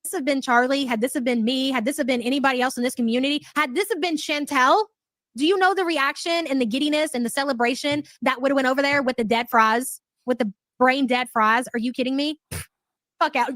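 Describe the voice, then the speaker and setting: A woman's voice: high voice, a little fast, fairly bright tone, no room sound. Brash, mocking woman livestream host. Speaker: streamer reading donation messages. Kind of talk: livestream commentary.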